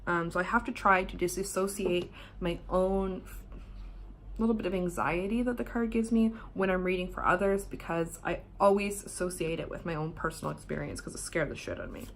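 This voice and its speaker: A young adult woman from Canada, chatting casually through a tarot deck unboxing in a hotel room, swearing offhandedly and drifting into soft asides. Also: on the low side, fairly quick, a little hiss or hum. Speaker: tarot vlogger. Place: hotel room while travelling.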